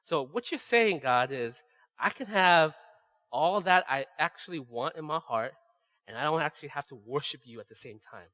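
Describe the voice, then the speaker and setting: High-voiced preacher in a reverberant hall. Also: male voice, lively intonation, moderate pace, pushed and bright. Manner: conversational, often asks "right?"; acts out voices of God and his wife in a lowered voice. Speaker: pastor. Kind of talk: sermon. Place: church sanctuary.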